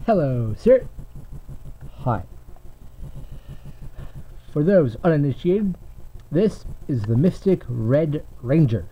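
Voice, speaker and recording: A man's voice: a little high, big pitch swings, a little slow, husky. A man hosting a playful mock news report, speaking in a hammy, upbeat reporter voice. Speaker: host and reporter. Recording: slightly muffled home recording.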